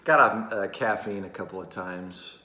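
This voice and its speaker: A man hosting his own channel, talking casually to camera in a rambling, halting way, filling pauses with "you know" and "uh". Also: sits low, bright, forceful tone, slight background noise. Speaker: channel host. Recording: roomy echo.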